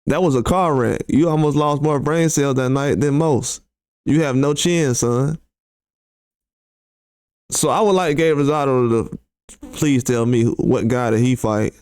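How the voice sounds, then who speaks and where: Man, boxing commentator, casual reaction talk, blunt, slangy, smooth voice, dry close sound. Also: mid-range voice, a little slow, pauses often, darkish tone, no echo. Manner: blunt and conversational, with slang and rhetorical questions. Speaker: boxing commentary channel host. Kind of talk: casual reaction commentary, reading tweets aloud.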